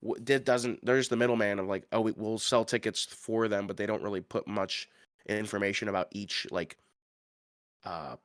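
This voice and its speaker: A man's voice: on the low side, fairly even intonation, moderate pace, a bit bright, no room sound, studio quality. A man co-hosting a podcast, telling a story in casual chat, rambling with lots of fillers and restarts. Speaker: podcast co-host.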